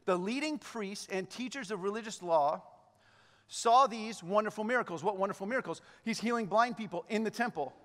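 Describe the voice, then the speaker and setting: A man preaching a sermon, animated, acting out the lines of the figures he talks about. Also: brisk, big-room sound. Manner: hushed, low voice in prayer. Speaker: pastor.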